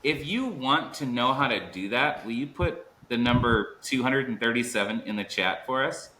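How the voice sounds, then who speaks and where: Upbeat man hosting, bright and echoey. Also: mid-range voice, expressive, a little hiss or hum. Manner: upbeat, hype-building, drawn-out emphasis. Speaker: podcast host. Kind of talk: energetic podcast chat.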